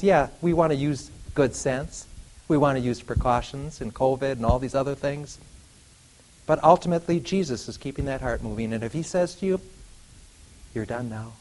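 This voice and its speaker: A middle-aged man preaching to a congregation, emphatic, swinging from loud declarations to quiet asides and asking the room rhetorical questions. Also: medium pitch, low-quality recording. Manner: asks the audience rhetorical questions. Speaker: lay preacher addressing a congregation. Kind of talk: sermon.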